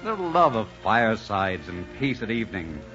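In a 1940s radio play, an earnest young composer who stumbles over his words and then rises into heartfelt speeches. His voice is of middling pitch but swings widely. The recording is dull and muffled, with faint music underneath. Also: big pitch swings, fairly bright tone. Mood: determined. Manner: halting and shy when proposing, then swelling with passion. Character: earnest young male composer, romantic newlywed.

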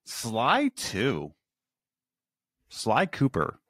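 A man's voice: medium pitch, wildly swooping pitch, drawn-out words, no room sound, clean studio sound. A man from the United States co-hosting a gaming podcast, chatting casually and joking at his own expense. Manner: jokey, self-deprecating. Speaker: podcast co-host. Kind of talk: casual chat.

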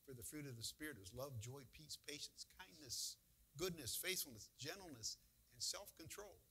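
A man's voice: fairly high pitch, normal speed, bright, forceful tone, a little hiss or hum, rough recording. A man pastor giving a folksy, conversational sermon with emphatic bursts.

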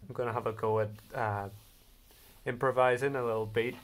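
A man's voice: medium pitch, steady tone, brisk. A man hosting a casual vlog, explaining an instrument hesitantly with many fillers. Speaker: video host. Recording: faint background noise.

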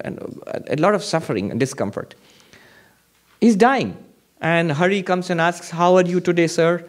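Male monk lecturer, high-pitched voice, emphatic teaching style with rhetorical questions. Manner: emphatic, repeats points, asks rhetorical questions. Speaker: monk teaching at a meditation retreat. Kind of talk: spiritual lecture. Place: retreat hall before an audience.

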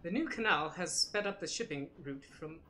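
Woman doing a lowish, clipped, aloof gentleman traveler for a game read-through. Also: expressive, a little fast, a little hiss or hum.

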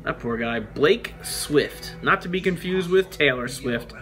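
Slow, bright-voiced man opening cards. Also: on the high side, expressive, soft background music. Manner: chatty, reads names aloud, joking asides. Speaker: toy show host. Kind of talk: casual card-opening chat.

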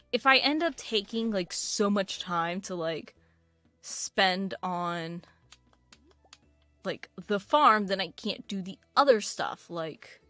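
A woman's voice: mid-range voice, a bit bright, no room sound. A woman giving casual, rambling let's-play commentary while playing a video game, full of fillers and restarts. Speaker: gaming video creator.

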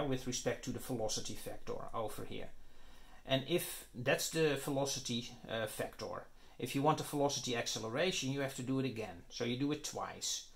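In a creaky, medium-pitched voice, a man lectures on physics at a whiteboard, working through his derivation step by step and frequently checking in with "right?" and "okay?".

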